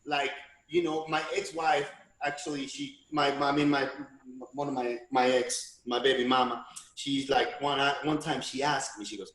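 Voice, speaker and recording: A man's voice: medium pitch, fairly even intonation, normal speed, fairly bright tone, roomy sound, poor audio. A man co-hosting a casual comedy podcast, joking around and switching between English and Spanish phrases. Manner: playful, code-switching into Spanish and slang impressions.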